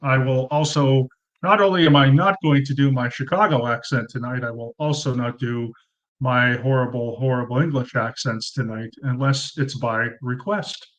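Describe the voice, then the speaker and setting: A man's voice: medium pitch, normal speed, fairly bright tone, poor audio. A man in his thirties hosting a casual live Q&A at home on a cheap desk mic, chatty and rambling with lots of ums and uhs. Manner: chatty, rambling, many ums and uhs, thanks viewers by name. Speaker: livestream host. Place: room at home under fluorescent lights.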